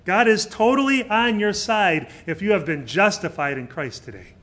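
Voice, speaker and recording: A middle-aged male pastor preaching a sermon, swinging between loud emphatic peaks and quiet, soft passages. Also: high voice, lively intonation, moderate pace.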